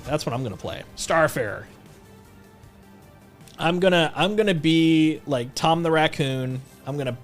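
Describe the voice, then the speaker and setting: A man streaming a game live, chatting in a rambling, playful way with lots of jokes and self-restarts. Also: a little high. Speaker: livestreamer. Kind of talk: casual gameplay commentary.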